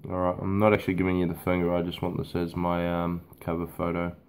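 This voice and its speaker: A man's voice: sits low, completely flat delivery, quick pace, darkish tone. A man, a boot camp fitness trainer, talking off the cuff to camera in a blunt, casual way and swearing freely. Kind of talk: unscripted talk to camera.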